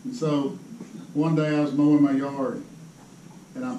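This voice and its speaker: A man's voice: medium pitch, flat delivery, measured pace, pauses often. A man telling rambling, laughing stories to a crowd at a tackle show seminar. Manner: folksy, rambling, laughs often. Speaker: fishing pro giving a seminar. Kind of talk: casual storytelling to a crowd. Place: indoor tackle show hall. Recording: echoey hall, distant mic, crowd noise.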